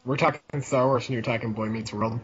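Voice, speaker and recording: A man's voice: mid-range voice, steady tone, brisk, a bit bright, slightly rough. A man chatting casually on a podcast, joking and mocking with a playful manner. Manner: joking, mocking, does whiny impressions. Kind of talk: casual chat. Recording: dull lo-fi sound.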